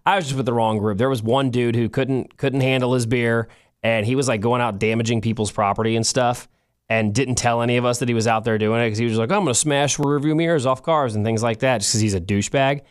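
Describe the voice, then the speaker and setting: A man's voice: mid-range voice, fairly even intonation, fast talker, smooth. A man co-hosting a podcast, telling a long story in a casual, rambling way and correcting himself as he goes. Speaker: podcast co-host.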